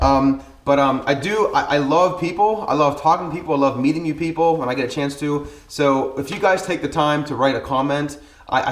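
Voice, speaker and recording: A man's voice: a little high, roomy sound. A man in his thirties from Pennsylvania, vlogging to camera about his car channel in a casual, earnest way with many ums. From Pennsylvania, USA. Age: 30s. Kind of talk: casual vlog talk to camera.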